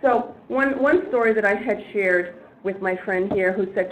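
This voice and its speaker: Animated woman telling a story in an echoey room. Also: medium pitch, normal speed, hardly any pauses. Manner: animated, laughing storyteller who acts out other people's lines. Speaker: speaker at a disability training. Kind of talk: storytelling talk. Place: training event room. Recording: echoey room with faint ambience.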